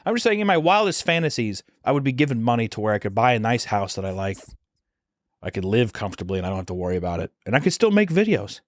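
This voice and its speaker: A young man co-hosting a casual podcast, animated and profane, acting out little scenes as he talks. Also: lowish voice, quick pace, no echo. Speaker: podcast co-host and animation YouTuber.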